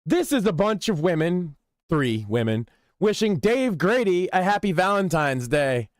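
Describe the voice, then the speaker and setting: A man's voice: high-pitched, sing-song, unhurried, no room sound, clean studio sound. A man hosting a casual commentary stream, reading forum posts with wry, offhand remarks. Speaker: stream host.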